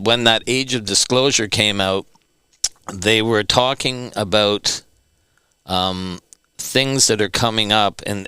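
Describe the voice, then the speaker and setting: Guy with a bright clear voice, dry close sound, emphatic storyteller repeating stuff for punch. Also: lowish voice, no echo. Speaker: returning guest. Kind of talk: animated storytelling.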